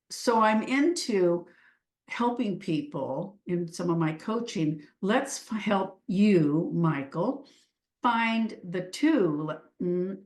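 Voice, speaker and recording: A middle-aged woman talks slowly and earnestly as an interview guest, her slightly low voice pausing and restarting as she searches for words. The recording has a roomy echo. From Washington state. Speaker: guest, leadership coach. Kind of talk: reflective interview talk.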